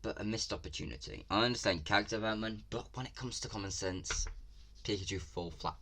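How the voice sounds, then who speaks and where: A man from England with an English accent, giving casual reaction commentary as a video creator, excitable and ranting, swearing freely. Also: fairly low pitch, fast, gravelly.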